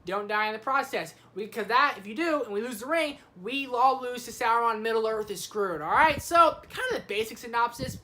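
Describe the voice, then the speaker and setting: A young woman giving a casual movie review, excitable and slangy, swearing freely. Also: fairly high pitch, brisk, hardly any pauses.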